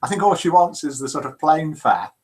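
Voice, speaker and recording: A man hosting a live call-in show, in a jokey, lively manner, chatting and reading out listener messages. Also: on the high side, brisk, slightly rough.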